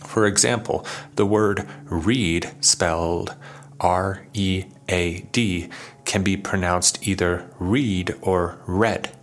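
A man hosting an educational poetry podcast, reading a scripted lesson that explains syllable stress, slowing down to sound out example words. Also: low-pitched, fairly even intonation. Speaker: podcast host.

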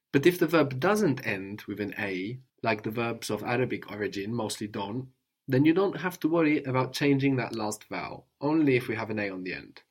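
A man's voice: mid-range voice, slightly rough. A man teaching a one-on-one language lesson, patiently drilling with prompts and tag questions.

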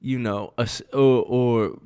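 A man's voice: medium pitch, steady tone, a little slow, mellow, clear, resonant tone. A man co-hosting a casual faith podcast, rambling and full of restarts. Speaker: podcast co-host.

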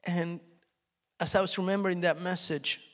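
A male pastor with a high-pitched voice preaches at a moderate pace. He tells stories animatedly, acting out quotes and repeating key phrases.

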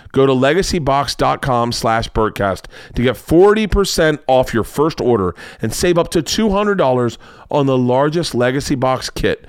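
A man's voice: mid-range voice, no echo, studio quality. A man hosting a podcast, doing a loose, rambling, profane ad read full of restarts and hyped bursts. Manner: rambling, profane, self-interrupting. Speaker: podcast host reading ads.

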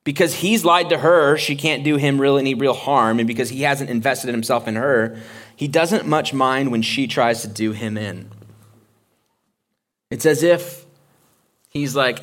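A man preaching a casual sermon, talking in a conversational, joking, animated way. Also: medium pitch, moderate pace. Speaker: pastor.

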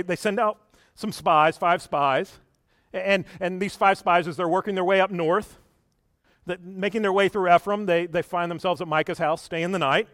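High-voiced male preacher, conversational. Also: a bit bright, no echo, studio quality. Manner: conversational, drops his voice low for asides, asks the listeners questions. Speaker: pastor. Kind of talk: sermon.

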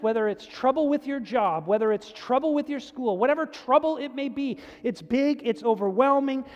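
A pastor preaching a sermon in a conversational way, swinging between emphatic stretches and hushed, low passages. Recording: long hall reverb.

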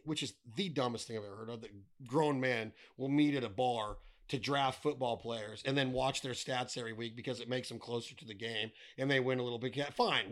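A middle-aged man talking casually as a podcast guest, blunt and given to swearing, ranting with wry humor. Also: medium pitch. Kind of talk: casual chat.

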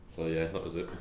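A man's voice: sits low, a little mellow, slight background noise. A young man co-hosting a podcast in casual chat, rambling, giggling and swearing freely. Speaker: podcast co-host. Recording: echoey room.

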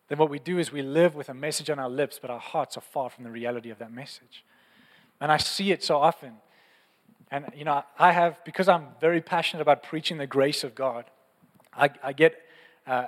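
A man's voice: on the high side, a bit bright, in a large hall. A man preaching a sermon in an earnest, passionate, conversational way, often repeating phrases. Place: church.

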